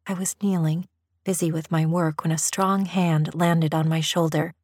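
A woman narrating a first-person story in a soft, intimate whisper, as whispered role-play. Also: sits low, little pitch movement, moderate pace, no room sound, clean studio sound.

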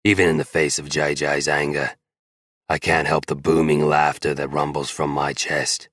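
A man's voice: a bass voice, level tone, moderate pace, a bit bright, dry recording, studio quality. A man narrating a romance audiobook in the first person, blunt and swearing freely.

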